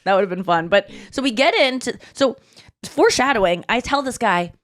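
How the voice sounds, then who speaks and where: A woman in her thirties telling stories on a podcast in a fairly high voice. She talks in casual, animated bursts and slips into quoted voices as she goes. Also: brisk. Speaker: podcast host. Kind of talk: casual chat.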